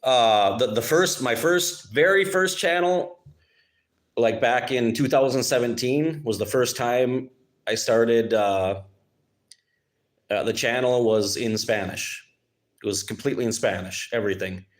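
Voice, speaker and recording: A man from Minnesota, hosting his channel in a rambling, sarcastic live-stream chat. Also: medium pitch. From Minnesota, United States. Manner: rambling, halting, with many restarts and sarcastic asides. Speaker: YouTube channel host.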